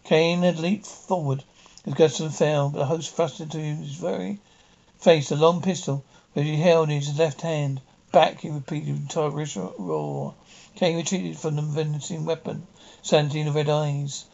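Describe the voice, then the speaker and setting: A man reading a short story aloud with dramatic pauses. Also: fairly high pitch, steady tone, gravelly, a little mellow, highs cut off. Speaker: audiobook reader. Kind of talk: storybook narration.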